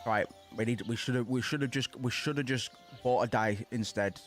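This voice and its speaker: A man commentating on his own gameplay, swearing often and getting frustrated, sometimes chanting words loudly. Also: mid-range voice, moderate pace, faint music behind. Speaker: gaming streamer. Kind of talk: casual let's play commentary.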